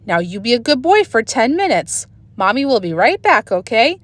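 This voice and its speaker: Worried mom, soft and coaxing, a bit lifted in pitch, voiced by a woman. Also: very animated, normal speed, dry recording. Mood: fretful. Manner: fretful, gently coaxing. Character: anxious mother of two boys.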